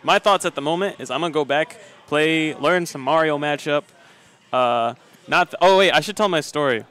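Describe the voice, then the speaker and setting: Bright-voiced young man telling a story. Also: on the high side, moderate pace, clear, resonant tone. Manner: rambling storyteller, laughs often. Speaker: podcast guest. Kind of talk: casual chat.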